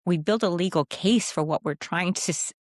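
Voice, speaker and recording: A woman's voice: on the low side, moderate pace, dry recording, studio quality. A woman giving a direct, emphatic faith-based talk on speaking with authority, sometimes acting out timid phrasings in a raised voice. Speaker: Christian speaker and coach. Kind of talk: teaching monologue on speaking with authority.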